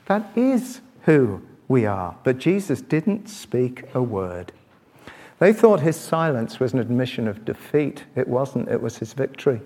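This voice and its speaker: A middle-aged man preaching a sermon, asking his listeners direct questions and swinging between loud, quick passages and quiet, slow reflection. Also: medium pitch, big pitch swings. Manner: rises loud and fast when stirred, drops quiet and slow to reflect.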